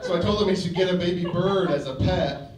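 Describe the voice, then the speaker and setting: A male standup comic tells his jokes with a dry, deliberate delivery in a slightly high voice. He is recorded from a distance on a comedy club stage. The room is echoey, with a faint hum of ambience. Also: a crowd in the background. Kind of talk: standup routine.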